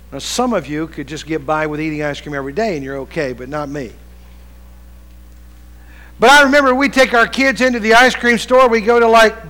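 A middle-aged man preaching a sermon who swings between loud, drawn-out appeals and quiet, chatty storytelling. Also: a little high, poor audio. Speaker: pastor.

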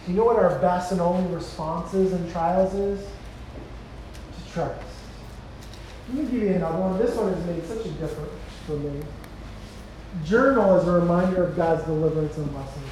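High-voiced man preaching in an echoey hall. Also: brisk, distant mic, slight background noise. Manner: impassioned preaching, swinging between loud cries and hushed lows. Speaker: pastor. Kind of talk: sermon.

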